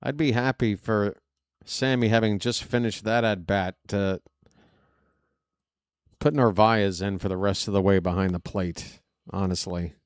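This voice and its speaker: A man doing fan play-by-play commentary of a baseball game, excitable and prone to rambling asides between pitches. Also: a little slow, long pauses, smooth, no room sound, clean studio sound. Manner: excitable, shouts on big plays, rambling asides.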